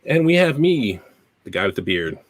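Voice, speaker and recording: A middle-aged Canadian podcast host with a mid-range, very animated voice chats at normal speed in a dry recording. Still recovering from a cold, he rambles casually and pokes fun at himself.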